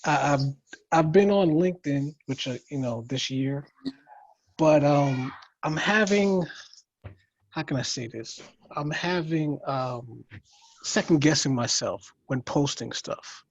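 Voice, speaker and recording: A man's voice: a little high, slow, dull audio. A man taking part in an online writing workshop over a video call, talking hesitantly and searching for his words. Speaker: workshop participant.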